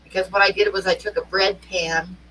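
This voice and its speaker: Her voice is mid-range, steady and fairly bright, and she moves at a brisk clip. As a middle-aged co-host from Oregon, she shares rambling anecdotes in casual conversation, breaking into laughter often. A distant mic picks her up with faint noise.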